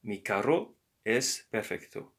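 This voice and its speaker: A man giving a slow, patient beginner language lesson, explaining words one by one. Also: on the low side, expressive, fairly bright tone, slightly rough. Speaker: language teacher.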